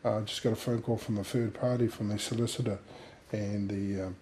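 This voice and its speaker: A man's voice: on the low side, flat delivery, a little fast, dark tone, slight background noise. A man telling an emotional personal story in a workplace safety talk. He rambles and uses many fillers as he speaks. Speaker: injured worker sharing his story.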